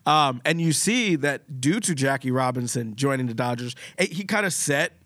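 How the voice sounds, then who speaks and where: A man's voice: mid-range voice, animated, moderate pace, fairly bright tone, dry recording. A man co-hosting a podcast, telling stories earnestly in a casual discussion, often restarting his sentences. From Puerto Rico. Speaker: podcast co-host.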